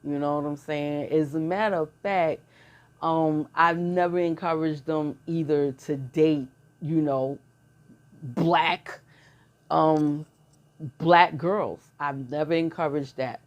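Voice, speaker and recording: A woman's voice: low voice, steady tone, slow pace. A middle-aged woman telling stories in a blunt, slangy casual monologue, often laughing. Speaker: channel host.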